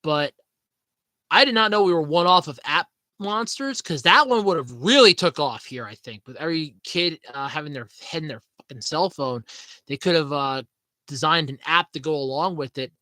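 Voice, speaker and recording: A man's voice: fairly high pitch, moderate pace, pushed and bright, no echo. A man hosting a podcast in casual, rambling chat, swearing freely and laughing at his own jokes. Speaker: podcast host.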